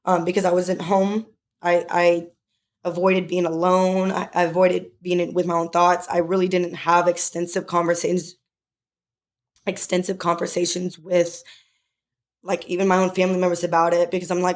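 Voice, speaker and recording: A woman's voice: fairly low pitch, monotone, moderate pace. A young adult woman co-hosting a podcast, telling a personal story in casual, emotional chat with many fillers. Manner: emotional, tearful at times, filler-heavy. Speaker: podcast co-host.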